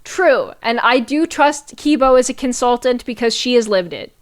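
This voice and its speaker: A woman's voice: a little high, animated, normal speed. A young adult woman streamer chatting casually to her viewers, swearing and using slang, often laughing.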